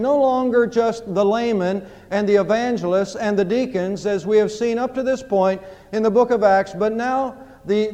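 A male pastor preaching an earnest sermon and quoting scripture. His voice is high for a man, and the long reverb of a church hall hangs after his words. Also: mellow. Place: church sanctuary.

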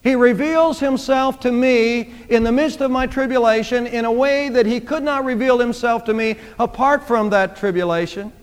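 A man's voice: very high-pitched, moderate pace, hardly any pauses, clean tone. A man preaching a sermon, speaking emphatically and repeating phrases for emphasis. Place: church sanctuary. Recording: long church reverb.

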